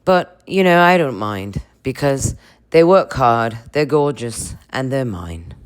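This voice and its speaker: A woman's voice: extremely low pitch, lively intonation, slow, smooth, heavily acted. A woman doing an impression of a posh older woman scolding her staff. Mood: bossy. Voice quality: imperious, scolding. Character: posh older British woman boss, bossy.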